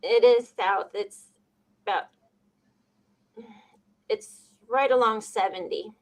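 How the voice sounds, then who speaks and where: Slow-talking woman from Illinois. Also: mid-range voice. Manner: laughs easily, drawn-out relaxed delivery. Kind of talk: casual chat.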